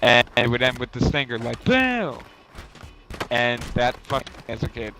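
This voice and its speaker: A man's voice: medium pitch, completely flat delivery, a little fast, sharp tone. A young man streaming a game, telling a long rambling story in casual chat, swearing freely and correcting himself as he goes. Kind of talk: casual chat while gaming. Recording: noisy stream audio.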